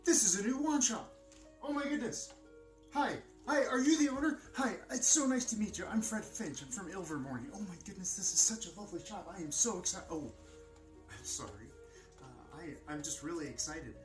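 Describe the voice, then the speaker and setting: A man's voice: a little high, unhurried, long pauses, faint music behind, close to an everyday voice, low-quality recording. A man playing an eager, rambling male wizard professor who teaches curse breaking, stumbling over his words in a fan-made web drama. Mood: excited.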